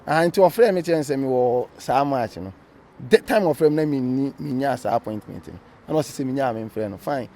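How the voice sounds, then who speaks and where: A man's voice: medium pitch, normal speed. A Ghanaian man speaks in a mid-range voice, recounting events animatedly and slipping between English and Twi. A faint hum of outdoor street noise runs underneath. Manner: animated storytelling with Twi asides. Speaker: former referee, interview guest. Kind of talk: casual interview, mixing English and Twi.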